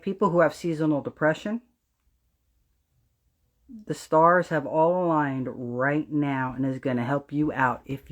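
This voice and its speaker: Speaking to her livestream audience about spiritual astrology, a woman with a New Jersey accent sounds forceful and sermonizing. She curses liberally and lowers her voice intently to drive points home.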